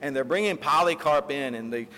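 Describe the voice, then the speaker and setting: A pastor delivering a sermon, telling a story with animated retellings and acted-out quotes, then closing in prayer. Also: male voice, a little high, a little fast. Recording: reverberant hall, faint room noise.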